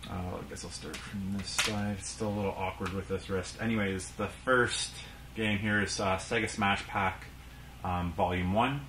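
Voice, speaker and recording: A man's voice: sits low, fairly even intonation, moderate pace, roomy sound, noisy background. A man in his thirties from Canada, hosting a casual vlog about his game collection and talking in a rambling way with many ums and uhs. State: out of breath. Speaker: game collector channel host.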